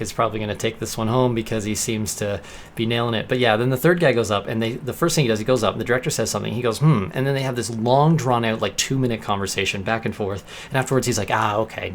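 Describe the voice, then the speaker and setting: Animated young man telling a story. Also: on the low side, slight background noise. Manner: animated, acts out quoted lines in bursts. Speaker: vlogger. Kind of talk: casual storytelling vlog.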